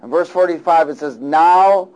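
A man preaching a sermon and reading scripture, calling out to the congregation and swinging between loud and soft. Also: a little high, a little slow, rough recording. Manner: call-and-response, rises loud and falls soft.

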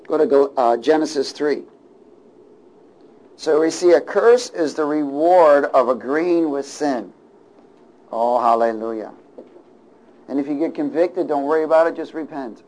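A male pastor with a fairly high voice preaches a sermon at a measured pace, pausing often. He tosses call-and-response asides to the congregation, chuckles between points, and shifts from hushed remarks to loud declarations, all on a rough recording.

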